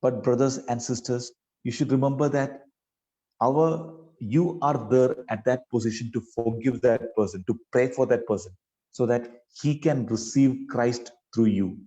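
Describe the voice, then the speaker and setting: A man's voice: medium pitch, a little slow, warm tone, low-quality recording. A man preaching a sermon, speaking earnestly and pleadingly to his listeners and often adding "you know" mid-sentence.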